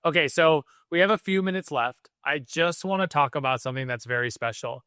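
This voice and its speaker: A man's voice: fairly high pitch, a little fast, a bit bright, clear, resonant tone, no echo, clean studio sound. A man hosting an interview podcast, talking in an earnest, reflective way. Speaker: podcast host. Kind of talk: casual interview chat.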